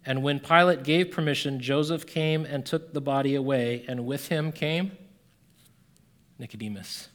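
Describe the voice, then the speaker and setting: A man preaching a sermon in a conversational, animated way, rising and falling in volume as he reads scripture. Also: medium pitch, a little slow. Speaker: pastor.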